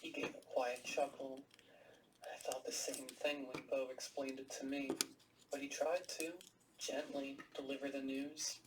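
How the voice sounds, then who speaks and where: Flat, even-toned horror storyteller. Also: medium pitch, unhurried. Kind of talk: first-person horror story narration. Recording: distant mic with steady background noise.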